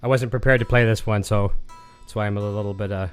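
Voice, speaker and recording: A man's voice: on the low side, fairly even intonation, quick pace, smooth. A man hosting a guitar gear show, chatting casually, telling corny jokes and reading viewer comments aloud on a live stream.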